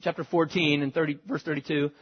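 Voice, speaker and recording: A man with a somewhat high, husky voice preaches a sermon to his congregation, putting earnest, searching questions to them. His words carry a long reverb tail, as if from a large hall. The recording itself is dull and lo-fi. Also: fairly even intonation, fast talker. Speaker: pastor.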